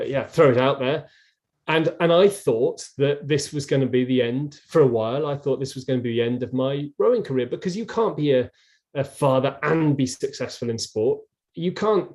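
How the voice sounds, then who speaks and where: Earnest, halting middle-aged man. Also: medium pitch, mellow. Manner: earnest, halting with many restarts. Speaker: guest speaker, former rower. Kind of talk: reflective live interview.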